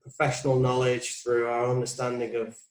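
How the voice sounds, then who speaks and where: A man's voice: medium pitch, monotone, normal speed. A man in his forties, a putting coach, thinking aloud in a reflective, musing way in a casual chat. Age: 40s. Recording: roomy echo.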